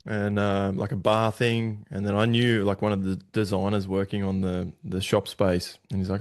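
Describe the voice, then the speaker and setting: A man's voice: lowish voice, steady tone, moderate pace, darkish tone. A middle-aged Australian man hosting a podcast in casual chat, blunt and swearing freely. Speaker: podcast host.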